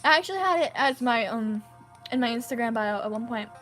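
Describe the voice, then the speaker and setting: A woman's voice: fairly high pitch, lively intonation, brisk, a bit bright, soft background music. A young woman chatting casually to viewers during a game livestream, rambling and apologetic, from home. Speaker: streamer.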